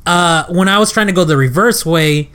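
Rambling young man, slightly high voice. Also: a bit bright, smooth. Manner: rambling, halting, full of restarts. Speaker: podcast co-host. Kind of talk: casual storytelling chat.

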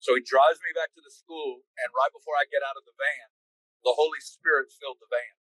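Guy telling his testimony on a podcast, really intense and dramatic, bright punchy voice, dry sound. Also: mid-range voice, steady tone, fairly quick, slightly rough, dry recording, poor audio. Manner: intense, dramatic retelling with vivid quoted dialogue. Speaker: podcast guest. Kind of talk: personal testimony storytelling.

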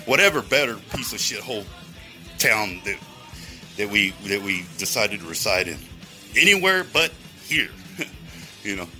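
A man's voice: lowish voice, sing-song, moderate pace, pauses often, sharp tone, faint music behind. A man in a rambling, profane monologue, going off on tangents and talking straight to his listeners. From Texas. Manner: heavy swearing, rambling tangents, addresses listeners directly.

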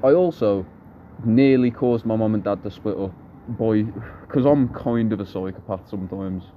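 Young man, very low voice, blunt and sweary storyteller, faint background hum. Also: normal speed, muffled recording. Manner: blunt, swears freely, rambling anecdotes. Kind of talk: casual chat.

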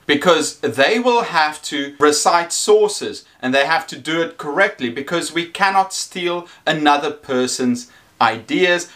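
A man's voice: a little high, fairly bright tone. A man who teaches, giving numbered classroom tips in an earnest, instructive way. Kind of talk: scripted teaching advice.

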